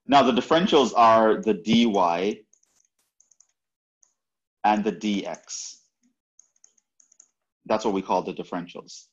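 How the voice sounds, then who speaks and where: A man's voice: on the low side, takes it slowly, long pauses, muffled recording. A man lecturing on math, explaining step by step and often checking in with "right?". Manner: explanatory, repeats points, frequent "right?" checks. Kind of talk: university lecture.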